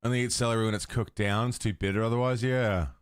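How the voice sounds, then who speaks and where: A man's voice: on the low side, steady tone, quick pace, clean tone, no room sound, studio quality. A man hosting a livestream, chatting casually with his viewers, swearing freely and laughing often. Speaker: livestream host. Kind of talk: casual chat with stream chat.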